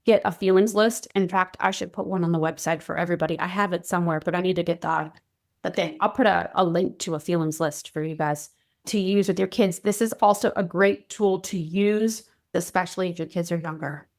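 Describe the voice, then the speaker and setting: A woman's voice: lowish voice, fairly even intonation, fairly quick. Earnest woman coaching parents on a podcast. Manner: earnest, coaching, often checks in with "right?" and "okay?". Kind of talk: solo podcast talk.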